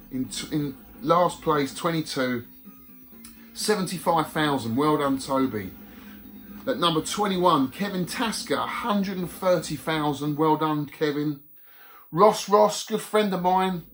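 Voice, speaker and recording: A man hosting a video, chatting casually as he reads out competition scores with friendly asides. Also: a little high. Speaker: YouTube host reading competition results. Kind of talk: casual chat to viewers.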